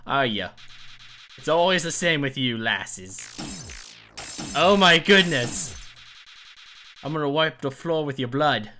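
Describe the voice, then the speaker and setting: A man's voice: a little high, expressive, takes it slowly, pauses often, pushed and bright, faint music behind, heavily acted. A man voicing a cocky male balloon unicorn creature with a put-on British accent, mocking and taunting. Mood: menacing.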